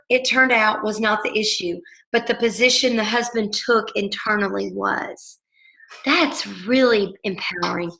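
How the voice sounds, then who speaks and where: Bright, animated woman telling a story. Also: a little high, poor audio. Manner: animated, shifts into lively voices for quotes. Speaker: book study group leader. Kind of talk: casual storytelling and book discussion.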